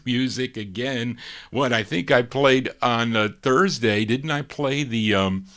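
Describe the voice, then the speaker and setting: A man hosting a live radio-style record show, chatting casually between songs and pausing now and then to recall details. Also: mid-range voice, a bit bright. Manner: easygoing and chatty, with frequent pauses to recall details.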